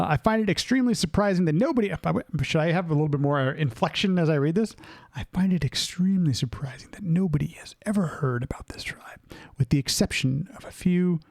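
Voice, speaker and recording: Young man, streamer, fairly high voice, reads game text with casual asides, dry close mic. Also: darkish tone, dry recording. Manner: reads aloud haltingly, breaking off for asides and laughs. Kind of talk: let's play commentary, reading game text aloud.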